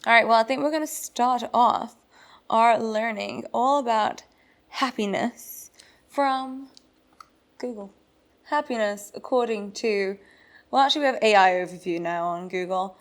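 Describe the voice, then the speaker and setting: A woman from England with an English accent, co-hosting a casual podcast chat in a lounge bar, joking, laughing and reading notes aloud haltingly. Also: on the high side. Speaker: podcast co-host.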